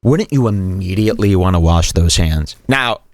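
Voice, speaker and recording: Male host, incredulous mocking rant, very animated pitch, dry close sound. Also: moderate pace, no room sound. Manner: incredulous, ranting, mock-quoting others. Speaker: show host reacting to a clip. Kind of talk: mocking commentary over a video.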